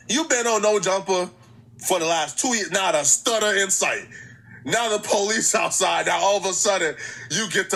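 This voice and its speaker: A young man hosting a reaction channel, giving mocking, animated commentary on clips. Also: high voice, moderate pace, creaky.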